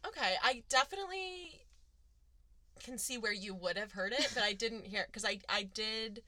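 A woman's voice: a little high, expressive, normal speed, sharp tone, no room sound. Chatty giggly podcast co-host woman. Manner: chatty, giggly, lots of fillers. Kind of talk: casual chat.

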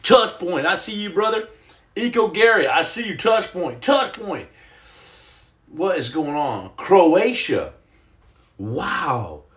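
A man's voice: sits high, sing-song, a little slow, fairly bright tone, roomy sound. A man hosting a comedic livestream, reading viewer comments and rambling through jokes with stammered restarts. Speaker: livestream host.

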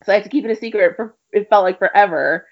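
A woman author as a podcast guest, soft-spoken and wry, telling stories with playful impressions of others. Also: mid-range voice, fast talker, muffled recording. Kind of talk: remote interview.

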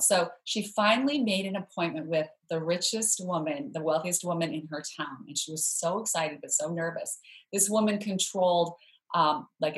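Earnest low-voiced woman telling a story. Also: low-quality recording. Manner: earnest, animated storyteller with restarts. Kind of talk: storytelling in a podcast interview.

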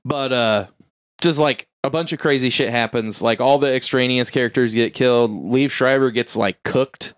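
A man's voice: mid-range voice, moderate pace, smooth, no echo, clean studio sound. A man casually recapping a movie plot with a rambling, profane delivery full of "like" and "uh". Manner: rambling, lots of "like" and "uh" fillers.

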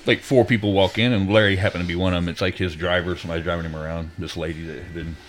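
A middle-aged man from Texas, co-hosting a podcast and telling a halting, rambling story full of restarts. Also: low-pitched, steady tone. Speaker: podcast co-host. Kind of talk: casual chat.

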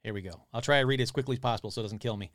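A man's voice: mid-range voice, rapid-fire, no echo, clean studio sound. A man hosting a podcast, casually reading a newspaper article aloud and breaking off with wry, grumbling asides. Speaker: podcast host.

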